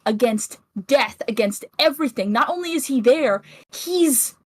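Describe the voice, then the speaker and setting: A woman guest with a slightly high voice talks in a casual fan chat. She is emphatic and emotional, and she swears as she makes her points. Her delivery is plain, with no vocal quirks. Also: lively intonation, a little slow.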